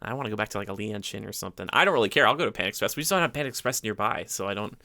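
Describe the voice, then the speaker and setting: Bright-voiced enthusiastic podcast man. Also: fairly low pitch, expressive, rapid-fire, vocal fry, no room sound. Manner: enthusiastic, rambling, many fillers. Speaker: podcast co-host. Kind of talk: casual chat.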